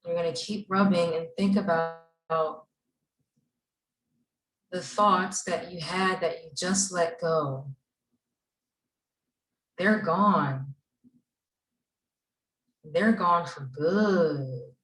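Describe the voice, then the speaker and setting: A woman instructor walks a group of kids through a calm breathing exercise, speaking slowly and gently. Her voice sits a little low and comes from a distance, with plenty of room echo around it. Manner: slow, gentle, soothing guidance. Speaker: camp instructor leading children. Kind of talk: guided breathing and mindfulness exercise. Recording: echoey room, voice from far off.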